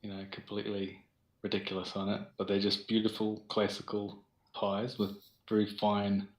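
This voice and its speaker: A man's voice: lowish voice, completely flat delivery, moderate pace. A man with a New Zealand accent playing a tabletop game casually, unsure and trailing off as he works out his rolls. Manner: hesitant, trailing off mid-sentence. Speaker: player. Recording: echoey room.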